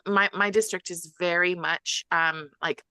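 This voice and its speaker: A woman's voice: on the low side, steady tone, measured pace, sharp tone, no room sound. A woman speaking as a podcast guest in casual discussion, earnest and often restarting her sentences.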